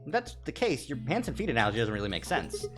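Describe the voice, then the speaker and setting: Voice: medium pitch, big pitch swings, fast, over music. A streamer giving casual, joking let's-play commentary in a wry manner.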